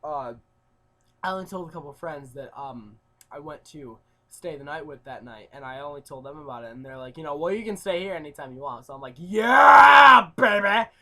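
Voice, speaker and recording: A young man telling a rambling story in a casual vlog, full of fillers, swinging between loud outbursts and mumbled asides. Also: medium pitch, brisk. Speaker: YouTuber.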